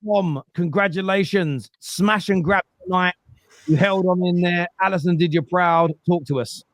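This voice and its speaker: A man hosting a football fan show, introducing a guest with slow, upbeat words. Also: sits high, fairly bright tone, no echo. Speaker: show host.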